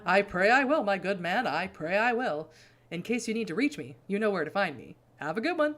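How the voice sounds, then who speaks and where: A woman's voice: mid-range voice, sing-song, fairly quick, fairly bright tone, soft background music. A woman voicing a smarmy, wealthy male vampire lawyer in a theatrical old-time radio manner. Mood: grandiose.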